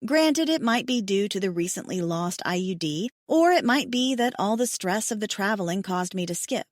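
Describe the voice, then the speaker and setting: A woman narrating a first-person romance audiobook, expressive, wry and emotional. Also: medium pitch, no echo, studio quality.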